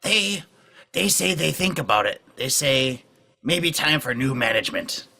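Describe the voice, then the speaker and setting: A man voicing a nervous male goblin who talks in halting broken speech. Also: a little high, animated, creaky, sharp tone, full character voice. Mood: worried.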